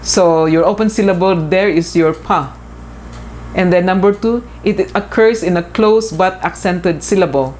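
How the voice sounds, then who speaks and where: Lower-voiced woman teaching a class. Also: moderate pace, a little mellow, slight background noise. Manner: explanatory, repeats points, frequent fillers. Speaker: instructor. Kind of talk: recorded lecture.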